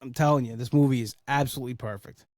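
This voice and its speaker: A man's voice: mid-range voice, steady tone, quick pace, a little mellow, dry recording, clean studio sound. A young man hosting a casual solo podcast, rambling with enthusiasm and swearing for emphasis. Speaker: podcast host.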